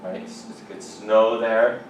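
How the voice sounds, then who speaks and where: A man giving a lively chapel sermon, rising often to excited exclamations, recorded from a distance in a large chapel. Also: on the low side, takes it slowly. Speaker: chapel speaker. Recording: echoey hall from far off, background noise.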